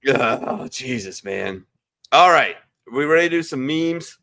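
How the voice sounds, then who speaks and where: A man's voice: mid-range voice, lively intonation, unhurried, gravelly, pushed and bright. Blunt, profane man ranting casually. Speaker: podcast host. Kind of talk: casual opinionated chat. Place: home, virtual call. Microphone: video call.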